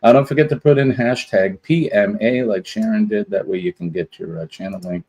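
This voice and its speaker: A man's voice: lowish voice, very animated, a little fast, gravelly, a little mellow, husky, poor audio. A man hosting a casual live stream, greeting viewers one by one in a rambling, chatty way. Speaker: livestream host.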